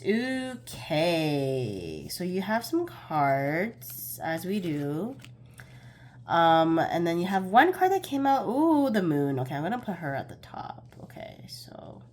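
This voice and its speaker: A woman's voice: fairly low pitch, a little hiss or hum. A young woman giving a casual pick-a-card tarot reading, chatty and a bit scattered, often laughing at herself.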